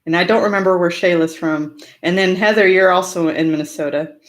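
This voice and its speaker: A woman's voice: on the low side, fairly even intonation, brisk. A chatty woman from Southern California hosting a casual live stream, answering viewer comments with frequent fillers and laughter. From Orange County, California.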